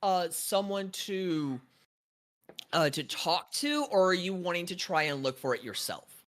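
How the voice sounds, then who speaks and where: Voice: medium pitch, measured pace, a bit bright. A game master narrating a tabletop role-playing game in a casual, hesitant way, with many fillers.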